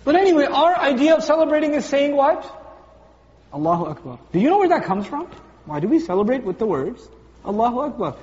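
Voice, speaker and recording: A man preaching a sermon to a gathered congregation, lively and conversational, acting out everyday voices as he talks. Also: extremely high pitch, a little fast. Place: large gathering hall with congregation. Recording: distant voice in a large hall, muffled, faint hum.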